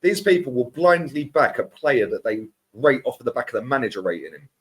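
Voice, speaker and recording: A man ranting as a football fan pundit, animated and mocking other fans. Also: medium pitch, brisk. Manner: animated, mocks other fans in put-on voices. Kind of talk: heated fan rant.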